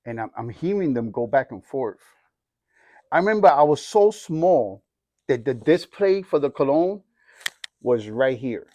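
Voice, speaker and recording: A man in his forties tells his life story in a casual, animated way. He slips into streetwise slang and acts out each voice in the story. The sound is close and dry, with no room behind it. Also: mid-range voice, unhurried, dry recording. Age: 40s. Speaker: guest sharing his testimony.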